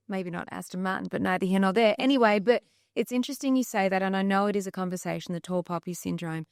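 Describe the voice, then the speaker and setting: An Australian woman talking as a podcast guest in a lively, casual way, often acting out other people's voices. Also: medium pitch, a little fast, clean tone, no room sound, studio quality. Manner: animated, acts out quoted voices. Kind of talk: casual chat.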